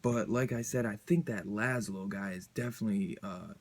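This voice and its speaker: Excited rambling man reviewing comics. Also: on the low side, moderate pace. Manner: excited, rambling, loose slangy storytelling. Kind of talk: casual review chat.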